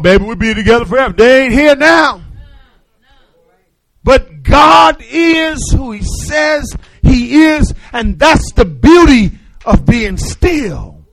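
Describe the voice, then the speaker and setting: High-voiced male preacher, slow and drawn out, shouts then drops way down low, dry sound. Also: dry recording, low-quality recording. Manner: call-and-response preaching, swinging from shouts to hushed asides. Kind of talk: sermon.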